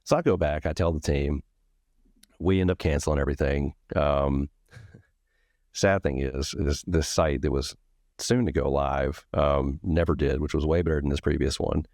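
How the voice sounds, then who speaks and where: Podcast host, male, rumbling bass voice, dry close mic, casual storyteller who acts out the dialogue. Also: fairly even intonation, normal speed, a little mellow, no echo. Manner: candid and profane, acts out both sides of a story.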